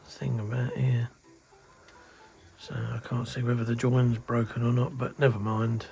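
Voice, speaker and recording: Grumbling and swearing under his breath, a middle-aged man from the UK chats exasperatedly about his model kit in a casual hobby video, recorded indoors at his workbench. He has a medium-pitched voice with vocal fry.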